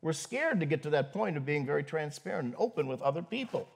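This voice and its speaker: Male pastor, slightly high-pitched, earnest sermon delivery in church. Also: big pitch swings, creaky. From northern United States. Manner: earnest preaching with pauses and fillers, rising for emphasis. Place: church congregation.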